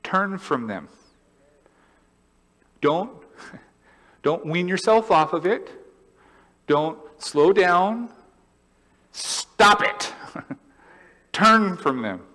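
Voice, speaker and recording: Animated man preaching in a reverberant church. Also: sits high, extremely slow, pauses often. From California. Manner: animated, storytelling, acts out voices and laughs. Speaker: pastor. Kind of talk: sermon. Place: church sanctuary.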